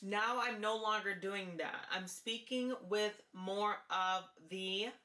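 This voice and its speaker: A woman talking to camera in a casual vlog, with a light, forward-placed voice and an earnest, deliberate way of repeating her key points. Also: medium pitch, steady tone, bright, forceful tone, echoey room. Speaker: vlogger sharing voice therapy progress.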